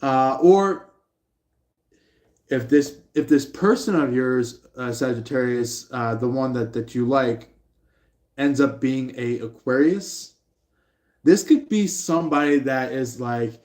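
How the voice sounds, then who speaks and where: A man's voice: mid-range voice, slow pace, a little mellow, echoey room. A man giving a live-streamed tarot reading in a rambling way, with many fillers, acting out the people he describes in raised voices. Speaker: tarot reader.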